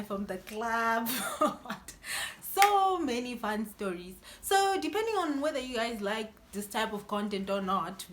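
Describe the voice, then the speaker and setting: A young woman telling a storytime vlog in an animated, chatty way, full of "like" and "yo". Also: on the high side, slight background noise. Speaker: vlogger.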